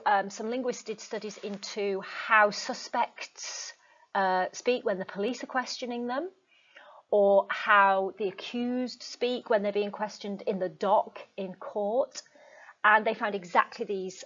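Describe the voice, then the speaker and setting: A woman's voice: mid-range voice, fairly even intonation, a little slow, a bit bright. A woman teacher giving a recorded lecture in a chatty way, with frequent ums and asides. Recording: dull lo-fi recording.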